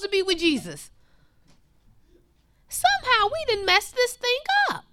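Impassioned woman preacher, lively pitch. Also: a little slow, very noisy. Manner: impassioned, swings from loud to hushed. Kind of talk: sermon.

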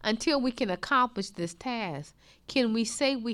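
Woman preacher, sermon, impassioned, rises loud then drops to a hush, high lively voice. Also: normal speed. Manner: impassioned, swings from loud to hushed.

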